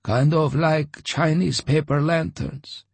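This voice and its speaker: A deep-voiced narrator lifting his voice for a wary veteran traveler of the tunnels, pitched well above his own tone and thinned out. He talks in hushed, conspiratorial musings, dry and close to the mic. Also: fairly even intonation, slow pace, gravelly, husky, dry recording, full character voice. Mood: wry.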